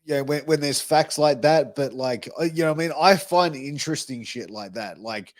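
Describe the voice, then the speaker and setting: A man's voice: a little high, moderate pace, no room sound. A man with an Australian accent hosting a podcast, talking loosely with lots of swearing and fillers. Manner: laid-back, profane, filler-heavy. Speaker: podcast host. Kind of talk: casual podcast chat.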